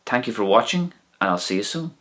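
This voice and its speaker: A man's voice: lowish voice, big pitch swings, brisk, fairly bright tone. A man teaching a language lesson, pronouncing words carefully and repeating each one.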